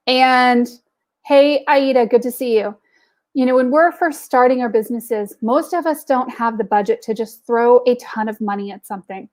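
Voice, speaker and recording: A middle-aged woman hosts a live stream with a fairly high, upbeat voice. She talks directly to her viewers, mixing encouragement with little jokes and stories. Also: moderate pace, a little mellow. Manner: tells jokes and anecdotes. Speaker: host of an online women's business group. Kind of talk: live-stream pep talk.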